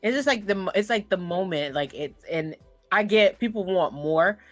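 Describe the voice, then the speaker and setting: A woman hosting a podcast, talking in a casual, animated, rambling way with lots of fillers. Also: medium pitch, normal speed, no room sound, faint music behind. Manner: animated, rambling, says "like" often. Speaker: podcast host.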